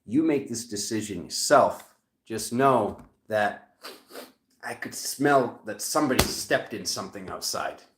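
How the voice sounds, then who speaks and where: A man's voice: on the low side, animated, measured pace, noisy background. Joking Rhode Island man in a roomy echo. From Rhode Island, USA. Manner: rambling, joking asides. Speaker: tarot reader. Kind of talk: casual tarot reading vlog.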